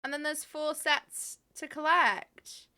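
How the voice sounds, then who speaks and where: Bright, chatty woman streamer. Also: high-pitched, fairly even intonation, takes it slowly. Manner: chatty, swears freely, laughs often. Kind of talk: casual live-stream chat.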